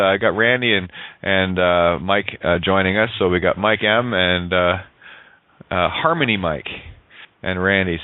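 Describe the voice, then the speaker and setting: A man's voice: on the low side, no echo. A man hosts a talk radio show, rambling and laughing as he repeats himself. His voice comes through a tinny, phone-like line with a dry, close sound. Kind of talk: casual talk radio chat.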